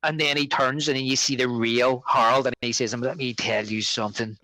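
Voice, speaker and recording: A man's voice: medium pitch, moderate pace, dry recording, rough recording. A man co-hosting a podcast, chatting casually about a film and acting out its lines. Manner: animated, quotes film lines in character. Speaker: podcast co-host.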